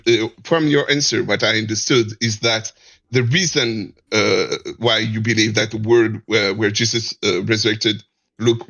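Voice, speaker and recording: A man with a French Canadian accent debating in a live online discussion, pressing the same question again and again with halting, repeated phrasing. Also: lowish voice, a bit bright.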